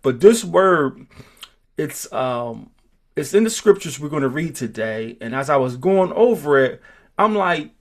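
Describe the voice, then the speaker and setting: A man teaching an informal group class, talking slowly and thinking aloud, with many restarts and repeated words. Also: a little high, sing-song. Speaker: teacher of a Hebrew roots class.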